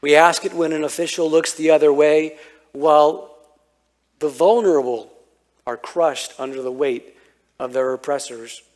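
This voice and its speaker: Guy preaching, kinda high voice, tells stories and does the voices. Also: unhurried. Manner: storytelling, animated, acts out childhood quotes. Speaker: pastor. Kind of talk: sermon.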